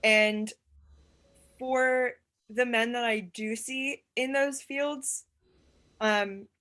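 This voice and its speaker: A young woman talking as a podcast guest, casual and hesitant, with many pauses. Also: fairly high pitch, steady tone, fairly bright tone. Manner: hesitant, lots of fillers and restarts. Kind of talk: casual chat.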